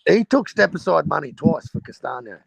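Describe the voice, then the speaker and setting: A man's voice: a little high, big pitch swings, brisk, creaky, husky, no echo, poor audio. A man with an Australian accent hosting a stream, chatting about boxing bluntly and swearing freely. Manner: blunt, sweary, mate-heavy banter. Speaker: stream host. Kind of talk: casual boxing chat.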